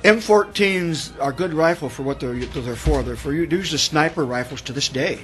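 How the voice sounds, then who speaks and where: An older man in his sixties sits as a radio guest, recounting his experiences in a loose, rambling way. He often doubles back and repeats his words mid-sentence. Faint music plays quietly behind him. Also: a little high, normal speed, rough recording. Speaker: guest, Vietnam veteran author. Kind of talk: radio interview storytelling. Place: radio studio.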